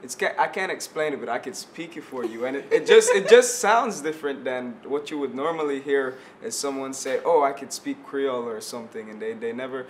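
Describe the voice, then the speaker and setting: A man's voice: medium pitch, animated, a little fast, few pauses, a little hiss or hum. A young man from Belize, a musician guest on a radio talk show, chatting easily and often restarting as he searches for words. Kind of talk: casual radio interview.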